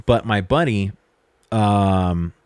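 A man's voice: lowish voice, very slow, a little mellow, smooth, no room sound. A young man, a podcast co-host, telling a long story in casual chat, quoting people and swearing freely. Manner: storytelling with swearing and quoted dialogue.

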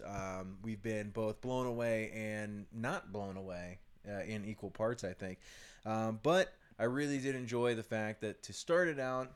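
A man's voice: lowish voice, clean tone. A man in his thirties co-hosting a casual chat about video games, laughing often and talking loosely with many ums and restarts. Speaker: co-host of a gaming video series.

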